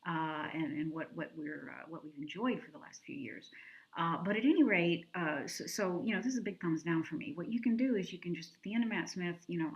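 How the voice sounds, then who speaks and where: A woman hosting a casual TV review video, chatty and opinionated with quick asides. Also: fairly low pitch, lo-fi sound. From lives in France.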